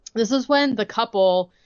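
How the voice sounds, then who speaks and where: A podcast co-host recaps a movie scene by scene in casual chat, saying "like" constantly and acting out both the characters' lines and her own reactions. Her fairly high, smooth voice comes through a dry, muffled recording.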